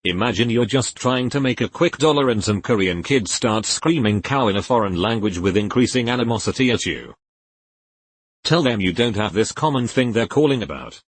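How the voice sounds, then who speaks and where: A man narrating Reddit posts aloud in a lively, expressive read with jokey asides. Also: fairly low pitch, moderate pace, slightly rough.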